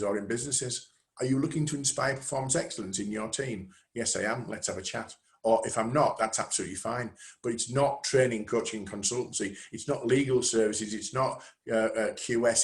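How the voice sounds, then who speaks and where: A man presenting a webinar on networking, chatty and self-deprecating over a video call. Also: mid-range voice. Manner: lively, conversational, self-deprecating.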